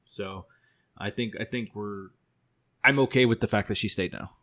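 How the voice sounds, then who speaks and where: A man's voice: on the low side, steady tone, normal speed, fairly bright tone. A man co-hosting a casual TV recap podcast. He rambles a little as he talks. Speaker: podcast co-host. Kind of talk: casual chat.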